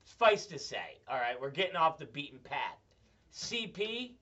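A man's voice: a little high, big pitch swings, normal speed, pushed and bright. A man hosting a show, telling crude, profane, rambling comedic stories. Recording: dull, slightly distant mic.

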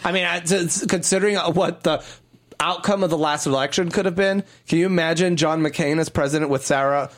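A man hosting a casual chat, animated, joking and theatrical. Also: fairly high pitch, brisk.

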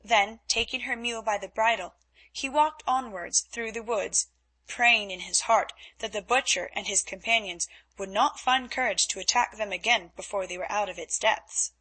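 A woman narrating a classic novel as an audiobook, in a measured storytelling manner. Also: medium pitch, bright, forceful tone, slightly rough.

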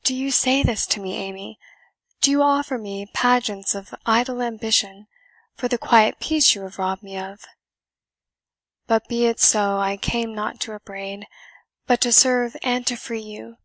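A stern young gentleman speaks in solemn, commanding tones, as a woman reading aloud puts him on. The sound is dry and close. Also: a little high, fairly even intonation, a little slow, dry recording. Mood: reproachful.

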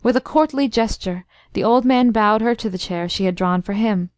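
A woman's voice: mid-range voice, normal speed, no room sound. Woman narrator reading a classic tale. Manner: steady, even storytelling. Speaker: audiobook narrator. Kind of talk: scripted narration of a classic story.

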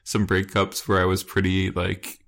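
A man's voice: low voice, moderate pace, gravelly. A man in his thirties co-hosting a podcast, teasing his co-host and telling stories in casual chat. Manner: teasing, giggly, animated questioning.

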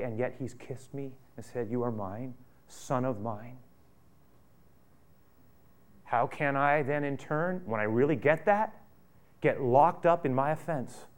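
A male pastor preaching a sermon with passion, repeating phrases and asking rhetorical questions, swinging from loud bursts to hushed asides. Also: mid-range voice, clear, resonant tone. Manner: impassioned, repetitive, with rhetorical questions.

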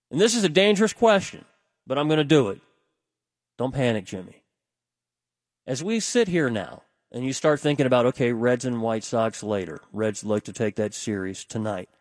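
A man's voice: on the low side, a little mellow, dry recording, studio quality. A man filling in as a radio talk host, rambling conversationally and tossing questions out to listeners on a call-in show. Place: radio studio.

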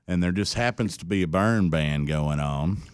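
Speaking at a normal speed, a young Tennessee country singer shares a story as a guest in a laid-back interview, doing other people's voices and chuckling. His tone is very low, clear and resonant, captured close and dry without echo.

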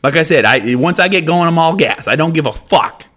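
A man's voice: a little high, animated, fairly quick, a bit bright. A man hosting his own podcast, ranting angrily with constant swearing and restarts. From United States. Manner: heated, repetitive, swearing, restarts mid-sentence. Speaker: podcast host. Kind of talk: angry profane rant.

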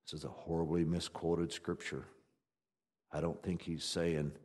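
A man preaching a sermon in a conversational, folksy way, swinging from loud emphatic passages to quiet ones. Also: sits low, flat delivery, a little slow. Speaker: pastor.

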